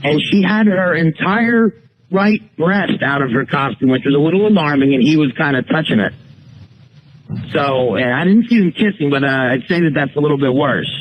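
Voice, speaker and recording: Rambling male caller, slightly high voice. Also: expressive, lo-fi sound, a little hiss or hum. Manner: rambling, self-deprecating, halting restarts. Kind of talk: phone-in chat.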